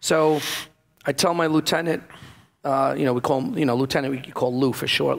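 A man's voice: medium pitch, fairly even intonation, a little fast, vocal fry. A man, a former police officer, telling his story in an interview with lots of fillers and acted-out dialogue. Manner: emotional storytelling, acts out the dialogue, many fillers. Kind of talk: personal testimony in an interview.

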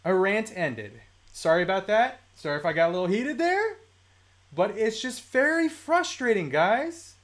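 Male stream host, higher voice with lively swings, heated and chatty. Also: normal speed. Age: adult, works a day job. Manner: animated, ranting, reads chat comments aloud. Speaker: toy collecting livestream host. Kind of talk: casual livestream chat.

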